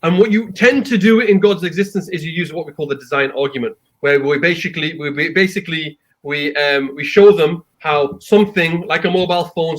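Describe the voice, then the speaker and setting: A man hosting a casual panel chat, upbeat and encouraging with quick affirmations. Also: on the high side, a bit bright. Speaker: host.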